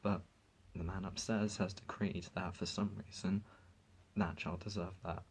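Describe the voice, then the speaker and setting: A man with a deep, husky voice talks straight to his viewers in a heated, emotional rant. He pushes his points with indignation, stumbling and restarting mid-sentence as his feelings run high. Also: little pitch movement, measured pace, a little mellow, low-quality recording. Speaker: vlogger. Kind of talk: emotional talk to camera.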